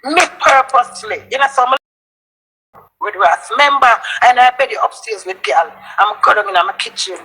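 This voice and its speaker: A Jamaican woman tears into someone in a long, accusing rant. Her voice is husky with a gravelly crackle, yet it cuts bright and tense, and her pitch leaps from low mutters to sudden high outbursts. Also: very animated, moderate pace. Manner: heated, accusing, lurching pitch. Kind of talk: angry ranting monologue.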